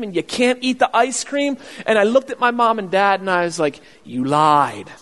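A man preaching a sermon as pastor, telling a childhood story with acted-out voices and loud excited bursts. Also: sits high, long reverb tail. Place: church sanctuary.

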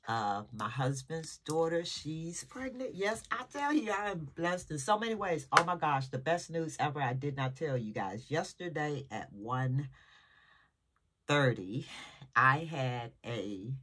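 Older woman, home vlogger, husky voice, slow unhurried rambling chat to camera. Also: deep voice, animated, a bit bright. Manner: chatty, jumps between topics, emotional. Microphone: camera nearby.

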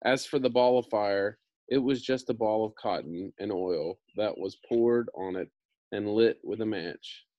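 A man's voice: fairly low pitch, unhurried, darkish tone, dry recording, dull audio. A man reading a children's book aloud, breaking off for casual slangy asides. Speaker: storybook reader.

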